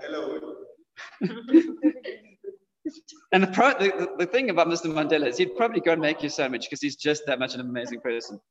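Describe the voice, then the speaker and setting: A man preaches in a relaxed, conversational way, talking straight to the people in front of him. His voice sits a little high for a man. The sound is dull and lo-fi, with a long reverb trailing through a church hall. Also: very fast. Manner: conversational preaching, speaks directly to the congregation. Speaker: pastor. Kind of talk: sermon.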